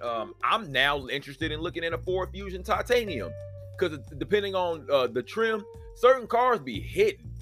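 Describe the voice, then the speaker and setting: A man's voice: on the high side, pushed and bright. A man hosting a solo podcast, telling a story in a profane, exasperated rant. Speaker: podcast host.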